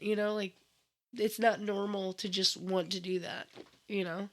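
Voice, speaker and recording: A woman's voice: mid-range voice, level tone, unhurried. A woman casually chatting about a film she watched, with many likes and you-knows. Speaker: movie reviewer. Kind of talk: casual chat.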